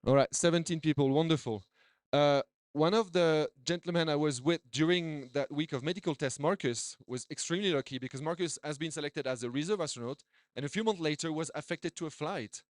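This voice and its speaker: Chatty doctor giving a conference talk. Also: male voice, fairly high pitch, brisk, dry recording. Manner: chatty, many restarts and repeated words. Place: conference hall.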